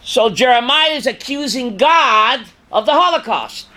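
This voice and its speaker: An older man, a rabbi teaching a class, reads scripture aloud with dramatic force, sometimes shouting, and questions his students. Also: extremely high pitch, animated, unhurried, a little hiss or hum. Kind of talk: Torah class lecture.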